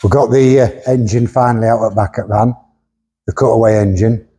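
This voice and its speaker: Man, low husky voice, dark tone, blunt, jokey, workshop host. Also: steady tone, a little fast. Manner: blunt, joking, laughs often. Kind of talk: casual banter and car walkaround. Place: car workshop.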